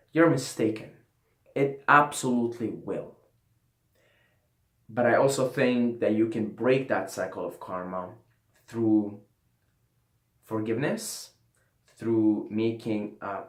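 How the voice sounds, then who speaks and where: A man's voice: medium pitch, a little slow, pauses often. A man hosting his own channel, telling a personal story in a casual, profane, ranting way, repeating himself as he goes. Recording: roomy echo.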